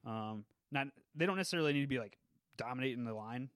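A man co-hosting a podcast in casual chat, earnest, talking in quick bursts with lots of fillers. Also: mid-range voice, lively intonation, a bit bright, no room sound, studio quality. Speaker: podcast co-host.

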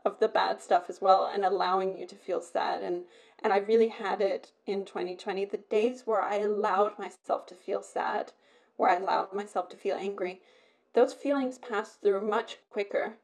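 A woman talking openly in a casual conversation, expressive and candid, often slipping into quoted voices. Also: mid-range voice, moderate pace, poor audio. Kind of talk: casual chat.

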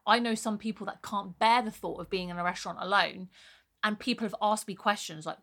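A woman's voice: mid-range voice, a little fast, a bit bright. A young woman co-hosting a podcast, talking candidly and casually, with the odd swear word. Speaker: podcast co-host. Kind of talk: casual chat.

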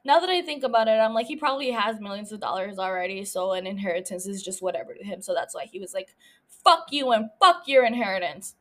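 A woman's voice: medium pitch, quick pace, hardly any pauses. A young woman hosting a podcast, recapping a show in a rambling, profane, self-mocking casual chat. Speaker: podcast host.

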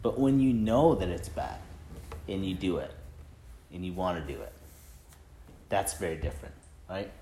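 A man with a fairly low voice gives a relaxed, earnest talk about faith. He rambles as he shares a testimony, leaning on filler "like"s and restarting his sentences, in the easy tone of a group leader chatting with friends. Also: normal speed, pauses often, slight background noise. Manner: earnest and conversational. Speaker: Christian team leader sharing a testimony.

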